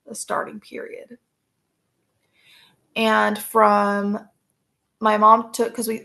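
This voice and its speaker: A young woman talking as a podcast guest, her voice heavy with a gravelly, crackling fry. She tells her story haltingly, full of fillers and restarts, at a middling pitch for a woman. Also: a bit bright. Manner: halting, many fillers and self-corrections. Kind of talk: personal testimony in interview.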